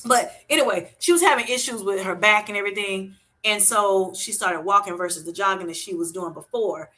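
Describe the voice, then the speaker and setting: A woman hosting a casual livestream, reading viewers' comments aloud and telling animated stories with plenty of laughter and endearments like "honey" and "sweetheart". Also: mid-range voice, fairly quick. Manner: animated storytelling, laughs often; uses Southern-style endearments like honey and sweetheart. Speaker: livestream host reading chat.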